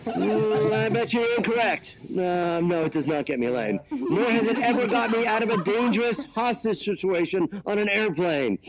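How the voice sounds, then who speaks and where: High-voiced rambling stand-up comedian. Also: male voice, animated, moderate pace, few pauses, poor audio. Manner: rambling, self-mocking, lots of ums. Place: virtual world comedy venue. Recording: loud crowd chatter behind.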